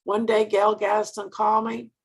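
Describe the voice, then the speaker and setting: A woman's voice: mid-range voice, flat delivery, normal speed, breathy edge. An older woman from Mississippi, giving an earnest motivational sales talk and asking her listeners direct questions.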